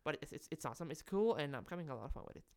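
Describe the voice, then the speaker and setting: A man's voice: a little high, clean tone. A man co-hosting a gaming podcast, chatting casually and often repeating himself as he goes. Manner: halting, repeats words, relaxed. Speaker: podcast co-host.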